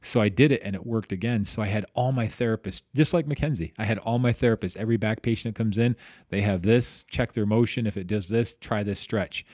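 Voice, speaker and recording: A man's voice: on the low side, a little fast, no echo, studio quality. A middle-aged man, a physical therapist guest on a podcast, telling stories in casual chat and acting out the voices he quotes. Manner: animated, acts out quoted voices, frequent restarts.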